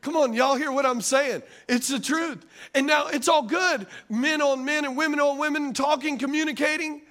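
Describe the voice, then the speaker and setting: A middle-aged man preaching a sermon as pastor, animated and conversational, with asides to the congregation. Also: very high-pitched, moderate pace.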